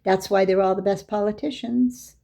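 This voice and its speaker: A woman's voice: mid-range voice, steady tone, normal speed, vocal fry, dark tone. An older woman giving a storytelling lecture, recounting anecdotes and acting out the dialogue in her own voice. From Boston area, USA. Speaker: Islamic lecturer.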